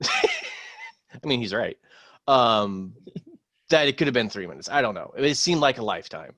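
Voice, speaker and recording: A man, a former Marine, telling a war story in casual podcast chat, rambling with many pauses and swearing freely. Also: mid-range voice, wildly swooping pitch, bright, forceful tone, dry recording.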